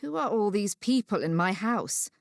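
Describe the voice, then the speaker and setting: A woman voicing a young Regency gentleman, brooding and wry, with a sarcastic, self-reproaching manner. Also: mid-range voice, big pitch swings, normal speed, vocal fry, no room sound, studio quality.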